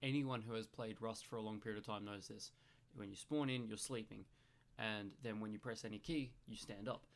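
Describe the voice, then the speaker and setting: A man's voice: on the low side, steady tone, a little fast, vocal fry. A young Australian man in casual commentary over gameplay footage, explaining at length with frequent ums and restarts. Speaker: gaming YouTuber.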